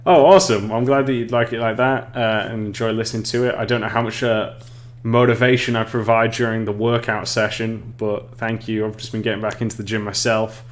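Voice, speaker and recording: An English man explains game level design casually on a live stream, chatting with viewers, reading chat aloud, laughing, and frequently restarting sentences. His voice is fairly low-pitched and flat, and he talks fairly quickly.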